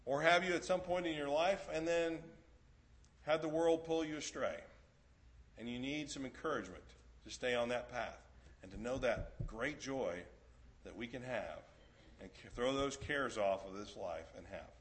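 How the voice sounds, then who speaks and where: An earnest male preacher addresses his congregation from a church pulpit. He reads scripture with deliberate weight and then builds to emphatic, pressing appeals. His voice sits at an ordinary middle pitch. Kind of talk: sermon reading scripture. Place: church sanctuary.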